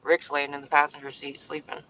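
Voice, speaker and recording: A man's voice: a little high, completely flat delivery, brisk, pushed and bright, lo-fi sound, slight background noise. A man streaming casually from his parked car, rambling, swearing often and talking back to commenters. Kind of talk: casual livestream chat. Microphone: phone.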